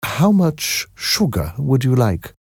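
Gracious lady, polite and gentle, unhurried; male narrator voicing her. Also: medium pitch, huge pitch swings, breathy edge, no room sound, clean studio sound, pitched above the performer's own voice, full character voice.

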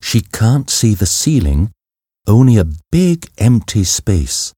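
A man reading a simple story aloud as a narrator, slow and clear. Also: fairly low pitch, big pitch swings, warm tone, dry recording, studio quality. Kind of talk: scripted narration of a graded reader.

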